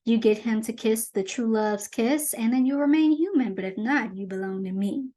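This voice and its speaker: A woman's voice: on the high side, normal speed, mellow, natural voice. A woman voicing a scheming female sea witch who talks in a coaxing, honeyed way.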